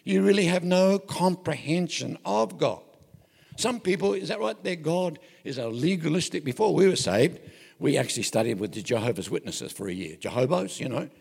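Gravelly older Australian preacher, lively. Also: male voice, a little high, moderate pace, big-room sound. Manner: folksy and joking, with self-interruptions. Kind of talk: anecdotal sermon.

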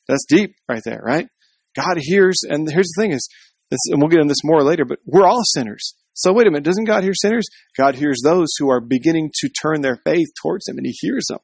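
Male pastor, chatty sermon with asides, a bit high-pitched. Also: lively intonation, fairly quick, vocal fry, husky, no room sound. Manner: conversational, frequent asides asking the congregation.

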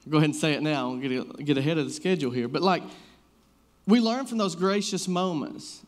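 A man's voice: on the high side, fairly quick. A man in his thirties preaching a casual sermon, telling personal stories in a loose, conversational way full of fillers. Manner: conversational, storytelling, many fillers like "like".

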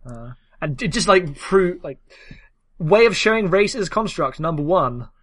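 A man co-hosting a casual conversation about video games, relaxed and often restarting his sentences. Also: high-pitched. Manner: relaxed, halting, self-correcting.

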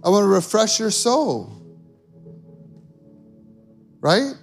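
A man's voice: high-pitched, very animated, slow, soft background music. A male pastor preaching a sermon in an earnest, conversational way.

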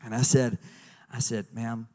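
A man with a high voice preaches to a congregation, and he tells his story with animated energy, jumping into other people's voices. His voice rings with the long reverb of a large hall. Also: moderate pace. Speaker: pastor. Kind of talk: sermon with personal story. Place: church.

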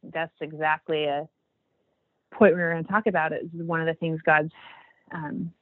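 A woman's voice: deep voice, level tone, normal speed, no echo. A woman in her forties talking earnestly in a casual faith chat, rambling with many restarts. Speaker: podcast guest. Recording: tinny phone-like line.

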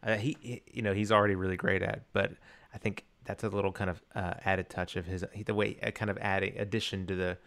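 A man with a fairly low voice co-hosts a casual film podcast. He talks with eager enthusiasm, circles back often and fills gaps with "you know". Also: level tone, quick pace, vocal fry, fairly bright tone. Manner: enthusiastic, rambling with many restarts and fillers. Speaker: podcast co-host.

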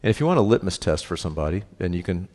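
A man's voice: low-pitched, sing-song, rapid-fire, darkish tone. A middle-aged man preaching a sermon as pastor, reading scripture and explaining it in a casual, conversational way, often checking in with a tag question and joking about himself.

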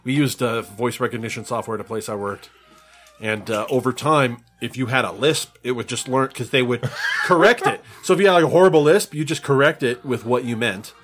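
A man's voice: mid-range voice, fairly quick, fairly bright tone. A man in casual podcast banter who swears, wisecracks and jumps in often. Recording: noisy, with clicks.

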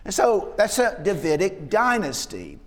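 A man's voice: sits high, wildly swooping pitch, a little slow. A man preaching an expository sermon, walking through a passage verse by verse and asking rhetorical tag questions. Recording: long reverb of a hall.

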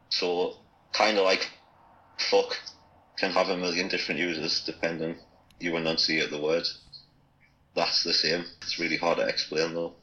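A Geordie man from Newcastle, England, chats casually and bluntly, swearing freely. His deep voice sounds pushed and bright, and the recording is lo-fi.

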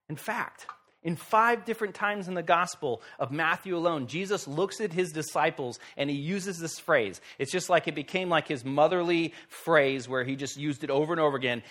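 A man pastor giving a sermon in a conversational, lively way with wry humor. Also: on the high side.

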